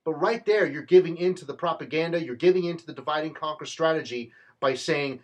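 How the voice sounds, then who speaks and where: A man's voice: a little high, brisk, few pauses. A man delivering an impassioned, rallying political monologue in a fervent, rhetorical manner. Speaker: political commentator.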